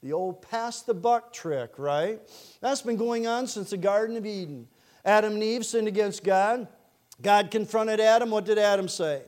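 A male pastor preaching a sermon, lively and animated, asking the congregation direct questions. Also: high voice, normal speed. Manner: animated, acts out scripture quotes in character voices.

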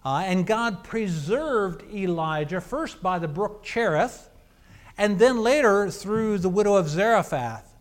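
A man's voice: high voice, expressive, measured pace, faint music behind. A man preaching a sermon, telling a scripture account in a conversational, storytelling way.

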